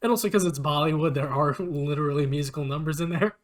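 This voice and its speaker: Guy on a gaming podcast, kinda high voice, rambles and laughs a lot. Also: fast talker. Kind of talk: casual chat.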